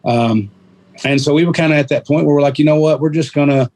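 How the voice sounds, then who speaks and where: Animated storytelling man on a podcast. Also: fairly high pitch, fast. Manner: animated, acts out quoted voices. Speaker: podcast guest. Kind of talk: casual storytelling.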